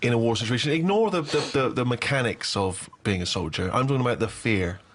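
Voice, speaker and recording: A man's voice: mid-range voice, lively intonation, fairly quick. A man co-hosting a comedy radio show, asking dry, probing questions. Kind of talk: casual comedic radio chat. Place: radio studio.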